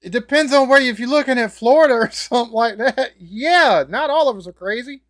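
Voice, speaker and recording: A man's voice: very high-pitched, a little fast, fairly bright tone, slight background noise. An American man giving casual, folksy reaction commentary, laughing often and rambling as he talks. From United States. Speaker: reaction video host.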